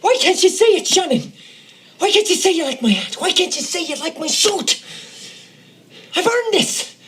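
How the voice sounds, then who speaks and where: A man's voice: extremely high pitch, very animated, normal speed, a bit bright, full character voice. An actor playing a boastful young immigrant man in an overdone, put-on Irish accent. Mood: insistent.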